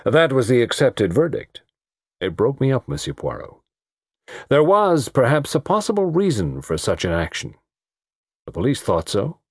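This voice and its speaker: A man's voice: mid-range voice, huge pitch swings, normal speed, darkish tone, slightly rough, no echo, studio quality, exaggerated voice. A man voicing a brooding, determined middle-aged host who speaks intensely and emphatically.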